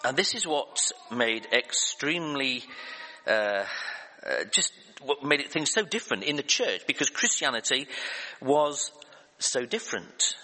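A man's voice: mid-range voice, very animated, unhurried, pushed and bright. A man preaching a sermon, hesitant and self-deprecating, with many fillers and restarts. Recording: reverberant church hall.

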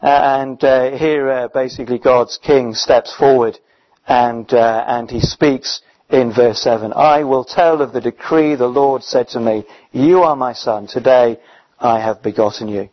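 A man preaching a sermon in a conversational, emphatic way, often pausing with fillers. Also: medium pitch, steady tone. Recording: dull, muffled recording.

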